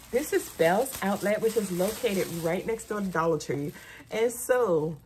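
Lively chatty woman showing a shopping haul. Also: medium pitch, slightly rough. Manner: chatty, animated storyteller, says "y'all" often. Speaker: haul vlogger. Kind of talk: casual haul chat to camera.

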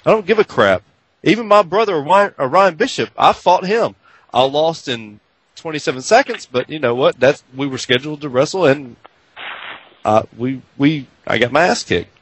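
A man's voice: a little high, expressive, normal speed, husky, no echo, low-quality recording. A man from New Jersey co-hosting a wrestling radio show, brash and loose in casual banter. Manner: brash, trash-talking, loose. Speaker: co-host.

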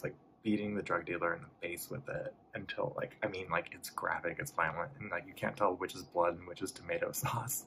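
Low gravelly man softly rambling. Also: a little hiss or hum. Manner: rambling, lots of "like" and "um", laughs between lines. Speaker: host. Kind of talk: soft-spoken rambling movie recap.

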